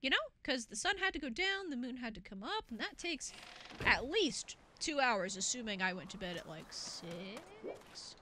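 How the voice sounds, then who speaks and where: Woman let's play host, rambling and self-mocking, high expressive voice. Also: normal speed, slight background noise. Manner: chatty, rambling and self-deprecating. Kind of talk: casual gameplay commentary. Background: game music.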